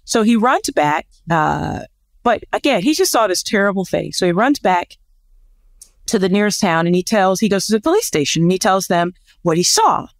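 A woman from the United States co-hosts a podcast and tells a story in an easygoing chat. Her pitch moves a lot as she talks, bright with laughter and self-deprecating asides. The voice sounds close and dry, with no room around it. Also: sing-song, moderate pace, no room sound. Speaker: podcast co-host.

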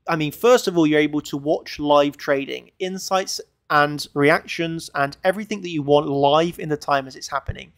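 Male trader-analyst, fairly high, gravelly voice, dry close sound; emphatic, repetitive chart walkthrough. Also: no room sound. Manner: emphatic and repetitive, tags lines with "okay?". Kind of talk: screen-share chart analysis.

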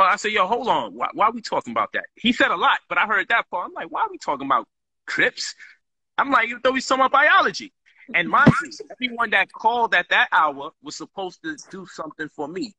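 A man's voice: fairly high pitch, pushed and bright, breathy edge. A man hosting a talk show, telling a story in a casual, streetwise way and acting out both sides of an argument.

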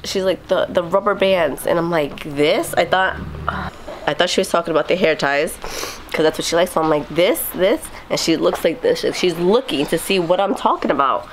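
A young woman vlogger telling a story in a casual, animated way, acting out the quotes. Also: on the low side, moderate pace, a little hiss or hum.

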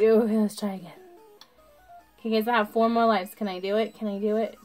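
A drunk woman commentating her gameplay casually, swearing and breaking into excitable outbursts while talking to her viewers. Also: mid-range voice, fairly quick, long pauses, soft background music. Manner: talks to the viewers. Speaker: gaming channel host.

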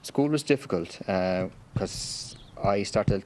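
A middle-aged man from Ireland whose first language is Italian, speaking thoughtfully and haltingly in an interview. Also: low-pitched, animated, darkish tone, a little hiss or hum.

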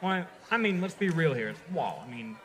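A man's voice: a little high, big pitch swings, fairly quick, fairly bright tone, a little hiss or hum. A man acting an earnest, caring friend in a church stage drama, frank and heartfelt. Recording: reverberant hall sound.

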